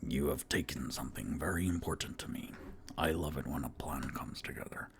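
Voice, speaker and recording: A man putting on a low, hushed impression of an Irish action hero pretending to be American. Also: fairly quick, a little hiss or hum. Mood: menacing. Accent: Irish, put on.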